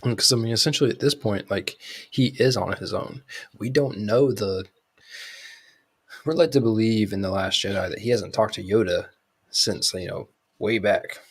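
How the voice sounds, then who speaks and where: Husky-voiced man in casual podcast chat. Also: lowish voice, normal speed. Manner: rambling, lots of fillers and restarts. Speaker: podcast co-host.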